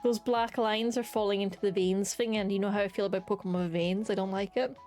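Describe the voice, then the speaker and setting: A woman's voice: medium pitch, fairly even intonation, fast, darkish tone, faint music behind. Chatty young woman streamer, enthusiastic. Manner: chatty, enthusiastic, swears casually. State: hiccups. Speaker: streamer ranking creatures. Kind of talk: casual live-stream commentary.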